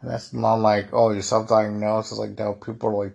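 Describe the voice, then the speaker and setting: A husky, lowish, slightly mellow voice with little pitch movement belongs to a young man venting frustrations on his podcast. He talks fairly quickly in a rambling, casual monologue full of "dude" and "like," and the highs are cut off in the audio.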